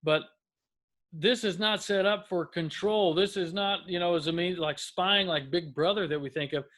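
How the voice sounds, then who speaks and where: A man's voice: high-pitched, moderate pace, a bit bright. A man, a pastor, giving an earnest mid-week devotional talk to camera, with frequent restarts. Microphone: camera close up.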